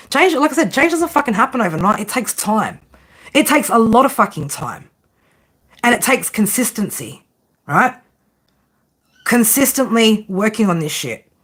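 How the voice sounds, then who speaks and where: An Australian woman giving a live tarot reading in casual chat, blunt and sarcastic, swearing heavily and ending lines with "right?". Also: mid-range voice. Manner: keeps tagging lines with "right?". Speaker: tarot reader.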